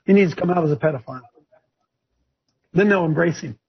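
Fiery gravelly man ranting on a talk show. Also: a little fast, highs cut off. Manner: fiery and preachy, rising to shouts and high mocking voices. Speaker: show host. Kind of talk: impassioned talk show rant.

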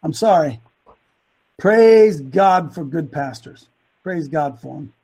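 A man hosting a men's ministry group, preaching an emphatic rant that repeats lines for stress and rises to shouts. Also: fairly high pitch, expressive, takes it slowly, slightly rough, poor audio.

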